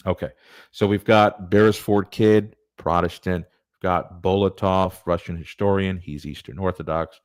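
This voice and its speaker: A man's voice: sits low, fairly even intonation, moderate pace, dry recording. A man presenting church history in an earnest, digressive, conversational lecture. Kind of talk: casual lecture.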